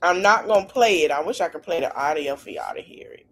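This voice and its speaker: A deep-voiced woman podcast host talks quickly through a casual recap, recounting scenes in he-said-she-said fashion with slangy asides. The storytelling is animated, and the recording is rough.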